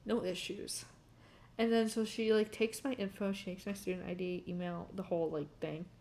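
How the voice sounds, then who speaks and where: Young woman streamer with a gravelly edge. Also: on the low side, flat delivery, normal speed, mellow. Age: young adult. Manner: rambling, full of "like" and "um", laughing often. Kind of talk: casual storytelling while drawing on stream.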